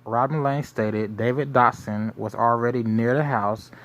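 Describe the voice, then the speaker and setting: Male host, casual commentary, unhurried, musing and repetitive. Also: medium pitch, fairly even intonation, a little hiss or hum. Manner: rambling, musing, repeats himself. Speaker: show host.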